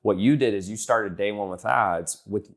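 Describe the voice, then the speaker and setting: Blunt young man coaching on sales. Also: normal speed. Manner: blunt, swears casually, acts out text exchanges in a higher voice. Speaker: business coach. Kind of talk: casual coaching talk.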